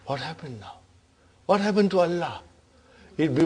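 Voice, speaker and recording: Guy teaching a grammar class, kinda high voice, keeps asking the students questions. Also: moderate pace, long pauses, mellow, slightly rough, low-quality recording. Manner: quizzes students with repeated questions; mixes in Urdu phrases. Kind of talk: classroom lecture.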